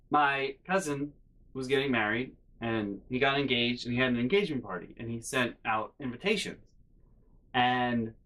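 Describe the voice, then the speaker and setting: A man telling comic stories on his video channel, rambling deadpan with many fillers. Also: medium pitch, low-quality recording. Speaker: YouTuber. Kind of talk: comedic storytime vlog.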